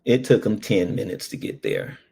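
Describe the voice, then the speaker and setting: A man, a paramedic, telling a personal story in an animated, earnest way. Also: on the low side. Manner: slow, gravelly, animated storytelling.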